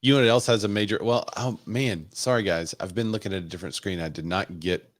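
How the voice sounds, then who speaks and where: A man's voice: fairly low pitch, quick pace, no room sound, clean studio sound. A man co-hosting a casual real estate podcast, reading news and making wry, sarcastic asides. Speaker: podcast co-host.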